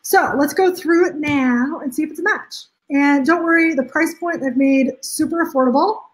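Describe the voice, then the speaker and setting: A woman life coach, speaking at normal speed in a high voice, addresses her live-stream viewers with upbeat emphasis and acts out quotes from others. The audio quality is poor.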